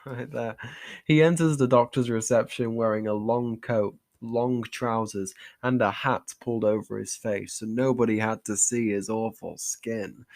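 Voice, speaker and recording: A young man reading his own story aloud in an overwrought, mock-dramatic way, with wry self-mocking asides. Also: mid-range voice. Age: young adult. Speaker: channel host reading his old story.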